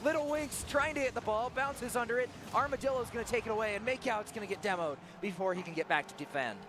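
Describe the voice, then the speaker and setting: A man doing play-by-play commentary on an esports match, excitable and quick to laugh. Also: background noise. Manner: excitable, laughs often, shifts between hype and low chat. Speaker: esports caster.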